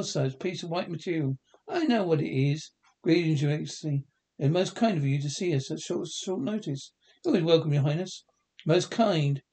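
Brief: male reader of a comedy film script, a touch high, warm mellow tone, all parts in one voice. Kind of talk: reading a film script aloud.

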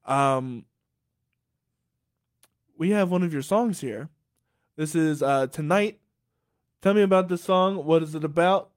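Male podcast host, curious, encouraging, a bit high-pitched. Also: a little slow, long pauses. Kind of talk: casual interview chat.

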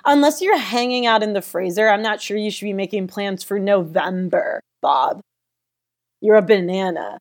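A woman's voice: medium pitch, moderate pace, lightly acted. A woman playing an eager, awkward sixteen-year-old girl hosting a comedy talk podcast. She giggles, rambles and gets flustered, without a proper microphone. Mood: giggly. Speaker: host.

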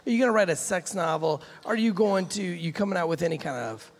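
A man's voice: sits high, lively intonation, fast, big-room sound. A man hosting a loose comedic chat show, joking and swearing, often stumbling over his words. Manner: joking, profane, stumbling restarts. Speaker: podcast host.

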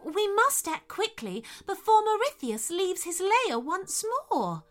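A woman voicing a cautious female owl in a storybook reading, high and urgent. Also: sing-song, slow pace, soft background music, full character voice.

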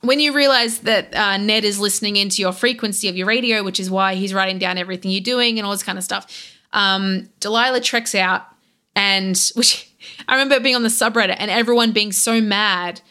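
A young woman guest on a podcast, casually retelling a game story in a rambling, animated way with lots of fillers and restarts. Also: medium pitch, brisk. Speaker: podcast guest, content creator.

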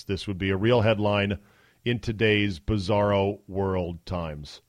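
A man's voice: lowish voice, steady tone, slow, no room sound, studio quality. A man hosting a podcast in casual talk, chatty and wry, with mock-amazed asides. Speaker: podcast host. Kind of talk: casual sports and news talk.

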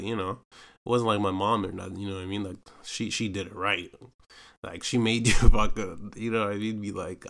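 London guy with a lowish voice rambling through a story on his podcast, lots of swearing and filler. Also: a bit bright. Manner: rambling, profane, full of fillers. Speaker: podcast host. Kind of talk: casual storytelling.

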